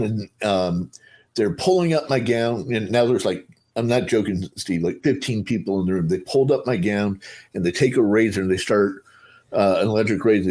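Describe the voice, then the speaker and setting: Middle-aged man, lowish voice, rambling animated storyteller with fillers. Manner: rambling, animated, acts out voices in his retelling. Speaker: panelist. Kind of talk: casual storytelling on a video call panel.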